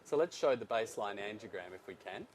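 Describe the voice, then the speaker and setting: A man with an Australian accent, the operating doctor, explaining a live procedure in a relaxed, explanatory way with frequent hesitations. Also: on the low side, fast talker. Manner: self-deprecating, explanatory, frequent fillers. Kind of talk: live case commentary.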